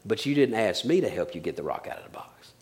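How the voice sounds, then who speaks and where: A man voicing a gentle, loving father in a sermon story, speaking softly and tenderly. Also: lowish voice, sing-song, fast talker. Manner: soft, hushed, tender.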